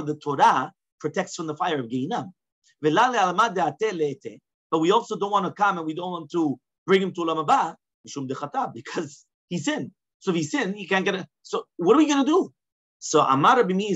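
This dull lo-fi class recording captures a man teaching Talmud casually, his voice a little high and a bit bright with a breathy edge. After reading each Aramaic line, he explains it in plain English and checks in often with "right?".

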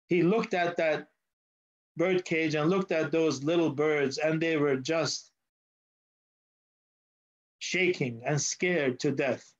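Slow-speaking male pastor preaching. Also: on the high side. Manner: storytelling, asks the congregation questions. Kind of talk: sermon. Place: church. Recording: dull lo-fi sound.

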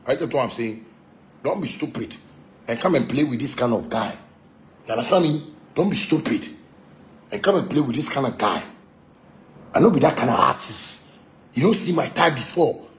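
A man's voice: mid-range voice, animated, moderate pace, long pauses. A man from Ghana with a Ghanaian Pidgin English accent, a musician ranting in a boastful, taunting, profane monologue that keeps repeating its points. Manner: repetitive, insistent.

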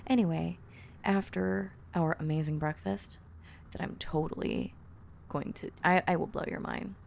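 A woman's voice: fairly low pitch, vocal fry, a little hiss or hum. A woman playing a giggly obsessive kidnapper. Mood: soothing. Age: young adult. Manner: giggly and teasing, slipping into soft whispers; breaks off to fix her own lines. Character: obsessive young woman who kidnapped her crush. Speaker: voice actress. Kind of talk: audio role-play.

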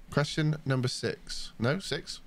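A man's voice: on the high side, slow, a little hiss or hum. A man hosting a podcast quiz in casual chat, laughing often as he reads out questions. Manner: laughs often, animated quizmaster. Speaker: podcast host running a quiz.

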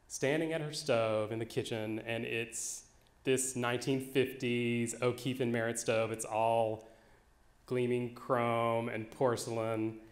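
A man telling a funny personal story live on stage, wry and animated. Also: mid-range voice. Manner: wry, animated, slow-building. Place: theater stage. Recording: echoey live venue.

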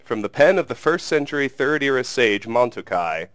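A man hosting a game playthrough, reading an in-game book aloud in a steady, measured way. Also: medium pitch, no echo. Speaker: let's play host.

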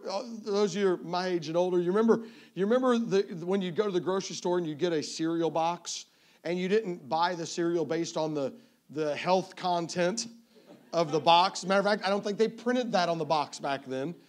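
A man's voice: high-pitched, brisk, a little mellow. A man in his fifties preaching a sermon as a visiting evangelist, telling playful, self-mocking stories and often repeating his first word. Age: 50s. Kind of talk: sermon with humorous family stories.

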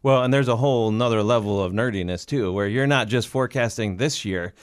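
A man's voice: lowish voice, brisk, smooth, no echo. A man co-hosting a radio finance show in a studio, talking with enthusiasm. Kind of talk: casual studio conversation.

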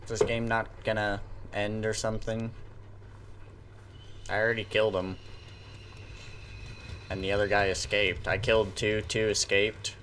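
A man's voice: fairly low pitch, level tone, measured pace, long pauses, a bit bright, a little hiss or hum. A man hosting a gaming video, joking crudely and mocking other players while he plays. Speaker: gaming channel host. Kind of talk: casual gameplay chat.

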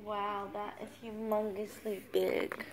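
An older woman, a grandmother babysitting, softly narrating a home video in an upstairs family room, often dropping to a whisper and coaxing the little ones. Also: medium pitch, flat delivery, slow pace, a loud crowd. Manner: soft-spoken, often hushed to a whisper; coaxing, praising grandmotherly baby talk. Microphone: handheld phone camera.

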